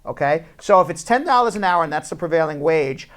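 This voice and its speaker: A man's voice: on the high side, lively intonation, a little fast. A man hosting a live immigration law show, joking with his co-host and then explaining legal steps one at a time, checking in with "okay?". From United States. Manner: joking, loud teasing, then explains step by step with repeated "okay?".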